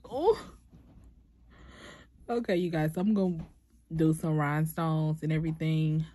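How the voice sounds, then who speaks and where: A young woman chatting through a nail tutorial, talking to viewers as "y'all" in a relaxed, chatty way. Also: low voice, fairly quick, no room sound. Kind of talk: casual tutorial chat.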